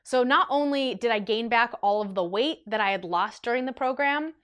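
A woman in her twenties telling an animated, chatty storytime vlog to her viewers. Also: a little high, moderate pace, smooth. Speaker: vlogger.

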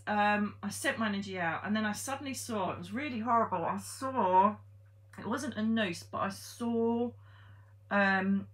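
A woman's voice: medium pitch, fairly bright tone. A woman, a psychic medium telling a ghost story in a chatty, blunt way, with frank swearing and many ums. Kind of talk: casual storytelling monologue.

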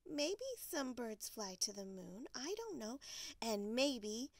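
A woman voicing an eager little male bear cub in a storybook read-aloud, with a high, sing-song manner. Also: very animated, slow, no room sound, full character voice.

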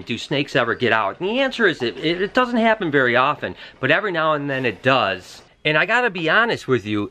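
A middle-aged man talking casually to camera as a vlogger host, chatty and excitable, calling his viewers guys. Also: medium pitch. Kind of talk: casual vlog talk to camera.

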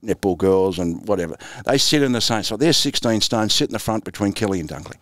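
This is a studio-quality recording with no room sound of an Australian man in his sixties who formerly played and coached football. His low, slightly bright voice is expressive and fast as he tells relaxed, chuckling anecdotes in an interview.

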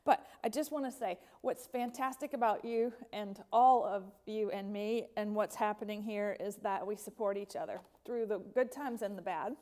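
Woman host going through fan mail on a craft show, super gushy and excited, medium pitch. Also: moderate pace, hardly any pauses. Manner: gushing and enthusiastic. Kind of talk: casual chat reading out fan mail.

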